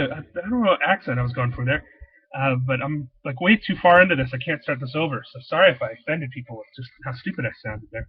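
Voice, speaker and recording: A man's voice: mid-range voice, lively intonation, fast, husky, highs cut off. A man casually rambling through his thoughts on new comic books, enthusiastic and full of fillers and restarts. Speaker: comic shop owner reviewing new comics.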